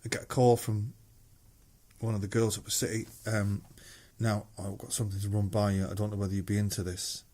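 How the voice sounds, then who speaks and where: A man's voice: on the low side, little pitch movement, fairly quick, warm tone. A middle-aged man with a Mancunian English accent, a musician guest telling anecdotes in casual chat, swearing freely and acting out quoted voices.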